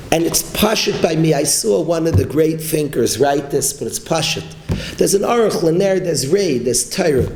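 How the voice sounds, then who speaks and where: A man's voice: fairly high pitch, darkish tone, reverberant, slight background noise, poor audio. A man, a rabbi, giving an impassioned Torah class to a learning group, repeating his points and mixing in Yiddish and Hebrew terms. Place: study hall with a learning group.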